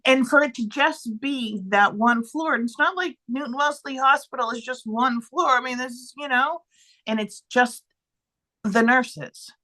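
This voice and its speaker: A woman co-hosts a chatty podcast with a bright, forward tone. She gets animated, often exclaims, and lets thoughts trail off as she reacts to her friend. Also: high voice, moderate pace. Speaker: podcast co-host. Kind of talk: casual chat.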